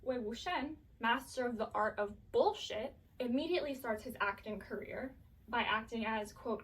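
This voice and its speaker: A woman's voice: fairly high pitch, moderate pace, fairly bright tone, distant mic, poor audio. A woman recapping a drama series in a chaotic, profane, casual way, full of fillers.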